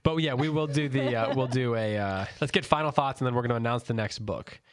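A man hosting a casual book club podcast, relaxed and steering the talk. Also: mid-range voice, brisk, no room sound, clean studio sound. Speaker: podcast host.

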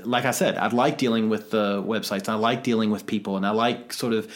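A man's voice: on the low side, fairly even intonation, fairly quick. A man co-hosting a podcast in casual chat, rambling and self-reflective with a joking streak. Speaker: podcast co-host.

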